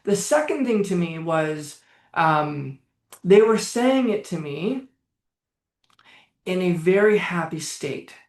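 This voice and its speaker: A man's voice: high voice, lively intonation, slow pace, pauses often. A man in his late twenties, working as a coach, telling his story in blunt, casual talk with frequent swearing. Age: late 20s. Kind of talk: casual direct-to-camera talk. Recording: echoey room.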